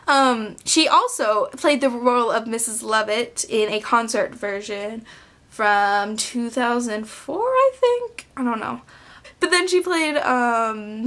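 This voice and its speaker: Brief: young woman vlogger, casual review, rambling with lots of fillers, a touch high. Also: expressive, a little slow, a bit bright. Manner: rambling, filler-heavy, self-interrupting. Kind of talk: casual film review vlog.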